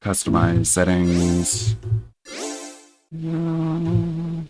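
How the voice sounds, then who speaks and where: A man's voice: a little high, big pitch swings, very slow, music in the background. A man casually muttering to himself while fiddling with audio settings on a stream.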